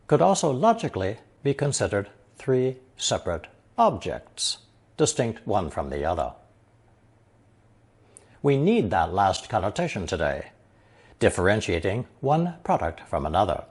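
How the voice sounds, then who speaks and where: A man narrating a scripted language lesson, explaining slowly and carefully and reading example sentences aloud. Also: lowish voice, darkish tone, breathy edge. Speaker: language teacher.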